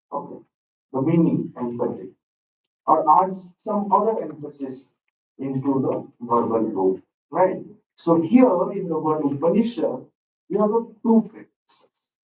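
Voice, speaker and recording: A man with an Indian English accent giving a classroom lecture, teaching slowly and deliberately, repeating words and checking in with "okay". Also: fairly high pitch, slight background noise. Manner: slow, deliberate teaching with frequent "okay" and repetition. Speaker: lecturer on Sanskrit texts. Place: school hall. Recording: roomy, dull sound from a distant mic.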